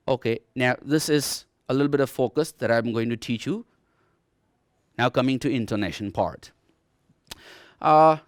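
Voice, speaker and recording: A man's voice: medium pitch, clean tone, no echo, studio quality. A man with a Nepali accent teaching English grammar in a televised distance-learning lesson, explaining patiently and often checking in with "okay". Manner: explanatory, repeats "okay" often, demonstrates rising and falling tones. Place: TV studio.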